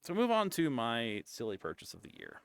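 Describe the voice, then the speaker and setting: A man streaming a casual chat, rambling and often cutting himself off mid-thought, sometimes dropping into soft, breathy asides. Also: medium pitch, huge pitch swings, moderate pace, no echo. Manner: rambling, self-interrupting and chatty.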